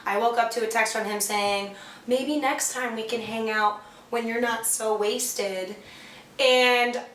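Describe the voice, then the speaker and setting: A woman's voice: a little high, fairly even intonation, takes it slowly, a bit bright. A young woman casually telling a candid, profane story as a vlog co-host. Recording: echoey room, mic far off.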